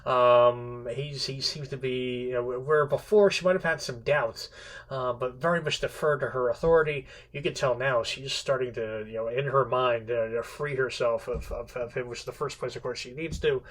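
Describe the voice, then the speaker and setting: A man's voice: medium pitch, steady tone, moderate pace, a bit bright. A male literature teacher retelling a story in a casual, rambling classroom lecture, often restarting his sentences and slipping in the odd swear word. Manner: rambling, many restarts, playfully quotes characters; irreverent, occasional swearing.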